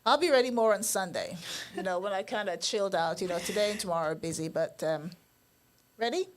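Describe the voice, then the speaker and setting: A woman's voice: mid-range voice, a little fast, slight background noise. A woman hosting a live-streamed talk show, bubbly and chatty with frequent laughter. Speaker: host. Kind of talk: casual live-stream chat. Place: indoor studio.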